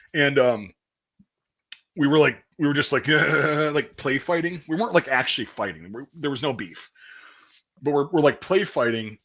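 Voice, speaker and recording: A young man telling a rambling, profane story in casual chat and acting out the voices of the people in it. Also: mid-range voice. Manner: profane, animated storyteller, acts out quoted voices. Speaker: podcast host.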